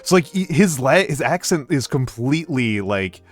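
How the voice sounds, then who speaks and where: A man's voice: mid-range voice, animated, moderate pace, soft background music. A man, hosting a stream and chatting casually, rambling with lots of fillers and restarts. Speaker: streamer host. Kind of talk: casual chat.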